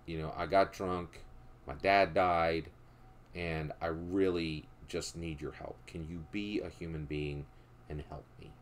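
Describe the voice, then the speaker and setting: A man's voice: medium pitch, big pitch swings, moderate pace, few pauses, fairly bright tone, a little hiss or hum. A man voicing a sly Old West outlaw who plays the sincere victim to con people. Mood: pleading. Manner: pleading, sincere-sounding when begging.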